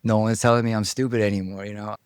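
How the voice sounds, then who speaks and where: A man being interviewed, telling stories from his life in a casual, animated way, acting out what people said and swearing now and then. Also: on the low side, fast talker, no echo, clean studio sound. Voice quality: gravelly. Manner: animated storyteller, acts out quotes, swears. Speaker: interview guest. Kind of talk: casual storytelling.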